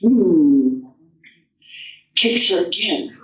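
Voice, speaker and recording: A woman storyteller telling a folktale and a personal story in an unhurried, rambling way with restarts. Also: lowish voice, animated. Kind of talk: told folktale and personal anecdote. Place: festival venue. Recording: dull distant echoey room recording.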